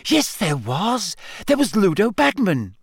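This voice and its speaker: A man's voice: high voice, huge pitch swings, a little slow, husky, no room sound, clean studio sound, voice pushed up, exaggerated voice. A man reading aloud, voicing an earnest, insistent teenage girl in a storybook. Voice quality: raised, heated.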